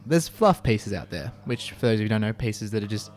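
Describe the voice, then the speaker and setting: A man's voice: on the low side, sing-song, a little fast, a little mellow, faint music behind. A man co-hosting a student radio show, chatting casually in a rambling way full of fillers. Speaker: radio co-host.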